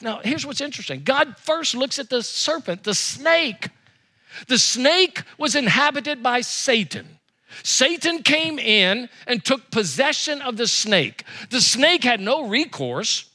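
A man preaching a sermon as pastor, with emphatic repetition and quick rises and drops. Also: very high voice, big pitch swings, pushed and bright.

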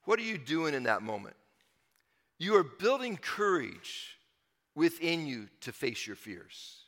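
A man's voice: a little high, sing-song, measured pace, fairly bright tone, big-room sound. A man preaching a sermon as pastor, emphatic and repeating his key phrases for the congregation.

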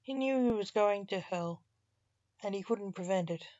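A woman reading a story aloud as narrator, in a measured, slow manner. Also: mid-range voice, dark tone, no echo, highs cut off. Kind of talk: scripted narration.

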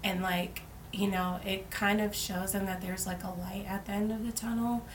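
A woman's voice: medium pitch, level tone, moderate pace. A young woman co-hosting a casual chat, talking about coaching in a loose way with plenty of "like" fillers. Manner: chatty, filler-heavy with frequent "like". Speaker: podcast co-host, life coach. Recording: faint background noise.

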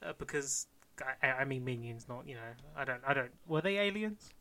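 Blunt, sardonic man, bright voice. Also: medium pitch, expressive, brisk. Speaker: podcast co-host. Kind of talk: casual film chat.

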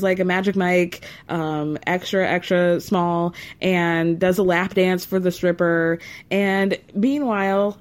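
A woman with a fairly low, darkish voice hosts a podcast recapping a reality show. It's casual chat, snarky and talkative, packed with asides.

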